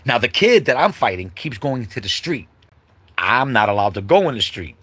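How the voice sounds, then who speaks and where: A man hosting a livestream, telling a childhood story in a casual, animated way and acting out the quotes, with many asides to the listeners. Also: medium pitch, moderate pace, slightly rough, no echo. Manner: animated storyteller, acts out quotes, many "you know what I'm saying" asides. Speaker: host. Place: livestream setup.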